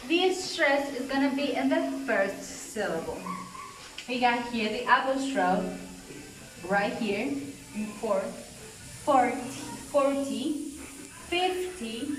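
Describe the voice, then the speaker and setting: A young woman with a Colombian Spanish accent, slowly explaining stress rules in a class presentation. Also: on the high side. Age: young adult. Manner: slow, careful, repeats key points. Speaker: student presenter. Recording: echoey room, voice from far off.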